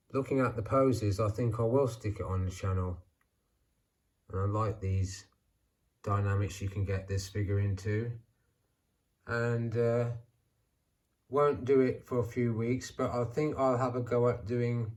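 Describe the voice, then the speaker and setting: A middle-aged man calmly narrating a vlog as he poses action figures, talking half to himself. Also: on the low side. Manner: calm, unhurried, talking to himself. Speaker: toy figure channel host. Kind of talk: casual vlog narration while posing figures.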